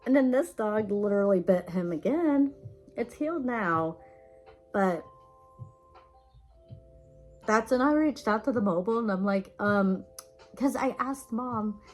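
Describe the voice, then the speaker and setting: A woman vlogger telling rambling, animated stories in a casual chat, laughing now and then. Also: mid-range voice, poor audio.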